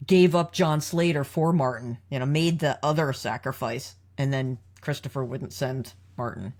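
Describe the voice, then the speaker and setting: A woman's voice: very deep voice, moderate pace, a little mellow. A woman hosting a podcast, talking through episodes in a casual, analytical way and asking her co-host questions. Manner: analytical, leads the discussion with questions.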